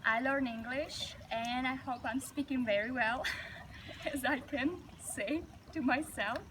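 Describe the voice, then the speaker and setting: A woman's voice: high-pitched, slow pace. A young woman with a Russian accent, chatting upbeat in a vlog intro, searching for English words now and then, speaking into a handheld mic outdoors. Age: young adult. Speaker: vlogger and yoga teacher. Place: outdoors, windy and noisy. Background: outdoor noise.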